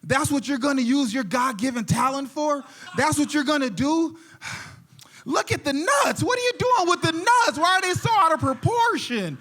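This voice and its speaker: A man voicing an old-school father who is furious with his son and scolds him at a shout. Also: high voice, fairly quick. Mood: outraged. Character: furious old-school middle-aged dad.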